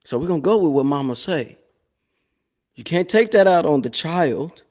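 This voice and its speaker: A man, hosting a live show with a casual, animated commentary monologue that repeats phrases and laughs often. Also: a little high, moderate pace.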